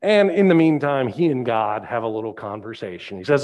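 A male pastor preaching a sermon, retelling a Bible story in a lively storytelling way. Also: mid-range voice, a little fast, few pauses. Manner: animated storytelling.

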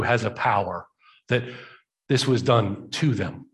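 A man's voice: mid-range voice, lively intonation, fairly bright tone. Conversational male pastor preaching. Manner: conversational storytelling, slowing down for emphasis. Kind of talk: sermon.

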